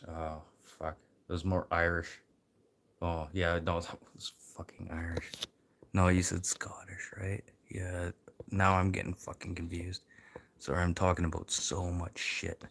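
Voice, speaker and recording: A man with a very deep, low-pitched voice talks casually to his livestream audience. He rambles and swears freely, drifting from quiet mutters to loud, eager pep talk. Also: monotone, measured pace, gravelly. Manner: rambling, profane, swinging between muttering and loud encouragement.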